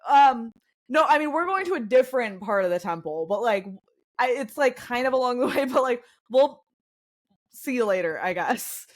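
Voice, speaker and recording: A woman's voice: on the high side, expressive, moderate pace, voice pushed up, lightly acted. A woman voicing a frightened male townsman who stammers and rambles anxiously. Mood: flustered.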